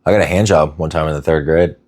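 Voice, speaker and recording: A man guesting on a podcast as a comedian, chatting casually and dropping dry, deadpan remarks. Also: rumbling low, quick pace. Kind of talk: casual chat.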